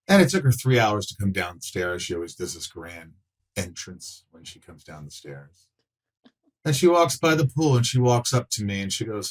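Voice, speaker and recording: A man's voice: fairly low pitch, normal speed, low-quality recording. A middle-aged man, an actor, talking casually on a podcast, telling stories and acting out other people's lines in put-on voices and swearing freely. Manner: animated, acts out quotes in voices, swears freely. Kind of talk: casual conversation, storytelling.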